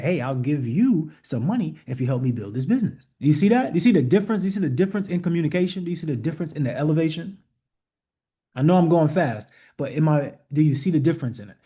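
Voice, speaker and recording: Fairly high in pitch yet dark in tone, this man's voice drives a motivational group session on an online leadership call. As the coach, he's blunt and emphatic, returning again and again to rhetorical questions and issuing direct orders.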